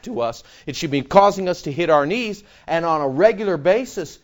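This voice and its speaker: A man preaching a sermon, animated and conversational, acting out other people's voices in his stories. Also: on the high side, normal speed, few pauses. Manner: animated, mimics voices in anecdotes. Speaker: pastor.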